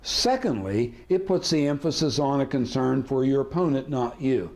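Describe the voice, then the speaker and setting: A man's voice: medium pitch, lively intonation, normal speed, a little mellow. Male negotiation trainer, seminar delivery, quizzes the room with rhetorical questions. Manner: asks the audience rhetorical questions and acts out sample dialogue. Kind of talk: seminar teaching.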